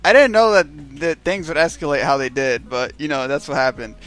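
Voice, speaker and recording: A man's voice: fairly high pitch, expressive, fairly quick, a bit bright, smooth, faint music behind. A man telling a rambling, profanity-heavy story on a stream. He keeps checking in with his listeners by asking "right?". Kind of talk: casual storytelling.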